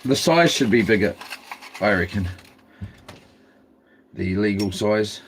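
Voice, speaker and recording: A man's voice: fairly low pitch, animated, slow, slight background noise. A man with a New Zealand accent, rambling and slangy as he vlogs from a houseboat. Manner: rambling, slangy, self-talking. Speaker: vlogger. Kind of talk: casual chat to camera. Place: houseboat on the ocean.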